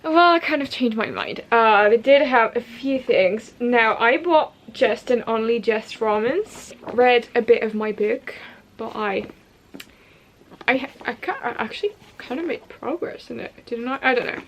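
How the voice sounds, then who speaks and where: A woman's voice: on the high side, expressive, a little slow, slight background noise. Chatty young woman vlogging about books. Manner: chatty and scattered, with restarts and asides. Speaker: book vlogger. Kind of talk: casual chat to camera. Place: at home.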